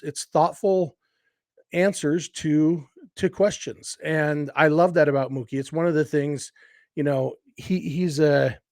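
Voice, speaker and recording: A man's voice: fairly high pitch, darkish tone, dry recording, studio quality. A man hosting a casual solo sports podcast, talking enthusiastically in a rambling way with restarts and asides. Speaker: podcast host.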